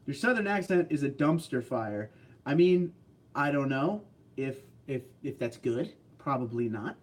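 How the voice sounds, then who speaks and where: Tired, laid-back livestream host. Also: male voice, fairly high pitch, expressive, measured pace. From New Jersey, US. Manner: laid-back, chuckling, tired but upbeat. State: short on sleep. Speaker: livestream host reading chat. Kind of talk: casual livestream chat.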